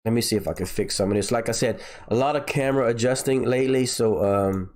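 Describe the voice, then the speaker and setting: A man's voice: medium pitch, fast, darkish tone. A man hosting a casual crypto livestream, nasal and congested from a sinus infection, rambling and often repeating himself.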